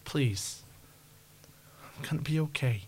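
A woman speaks softly and haltingly, soothing a frightened child, voiced by a man in a tabletop game. The delivery is gentle and restrained, with pauses and restarts. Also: a little high, background noise. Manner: soft, halting reassurance.

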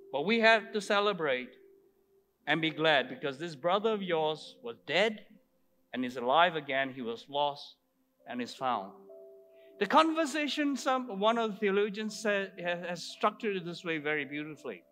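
A man's voice: high-pitched, sharp tone. A man preaching a sermon, retelling a story with emphatic rhetorical asides to his congregation.

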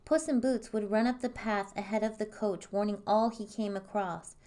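A woman reading a fairy tale aloud in a calm, even storytelling manner. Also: medium pitch, normal speed.

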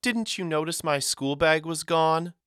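A man voicing a spirited, bossy young girl with a high, sharp voice in an audiobook. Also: a little slow, clean tone, no echo, studio quality. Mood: cheerful.

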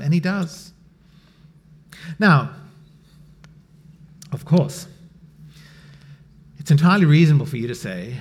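Middle-aged pastor, fairly high voice, conversational sermon that drops to a near-whisper. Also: male voice, animated, measured pace, long pauses. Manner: conversational, swings from loud emphasis to near-whisper.

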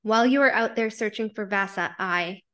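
A woman's voice: mid-range voice, moderate pace, fairly bright tone, close to an everyday voice. A woman reading a shy, tender young woman. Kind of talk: reading fanfiction aloud.

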